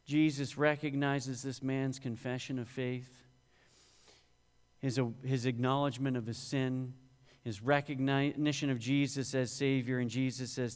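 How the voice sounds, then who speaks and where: A man's voice: medium pitch, flat delivery, unhurried. A male pastor preaching a sermon, rising in emphasis on quoted scripture. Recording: long hall reverb.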